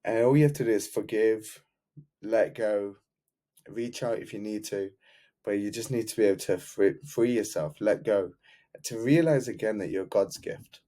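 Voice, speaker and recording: Earnest man with a mellow voice. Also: on the low side, moderate pace. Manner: earnest, repetitive, heartfelt. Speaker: love coach. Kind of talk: motivational talk to camera.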